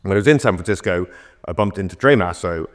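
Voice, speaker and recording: A middle-aged man with a very deep voice is chatting casually as a guest. He tells long, rambling anecdotes from behind the bar. His delivery is unhurried and conversational. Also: expressive. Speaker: bartender guest.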